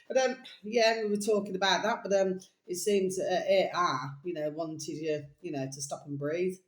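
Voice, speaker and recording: A woman's voice: on the low side, brisk, reverberant. A woman chatting in a rambling, casual monologue, calling her listeners her little babies. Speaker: vlogger.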